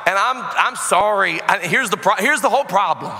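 A fervent male preacher with a high, ringing voice, rising from steady teaching to loud shouted and half-sung praise. His voice carries a long reverb from the church hall around him. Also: moderate pace. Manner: passionate, yells when preaching. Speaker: pastor. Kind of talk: sermon. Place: church sanctuary.

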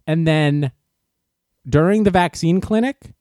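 A man giving casual opinion commentary in an animated, sarcastic way, laughing at his own jokes. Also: on the high side, takes it slowly, no room sound, studio quality. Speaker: commentary host.

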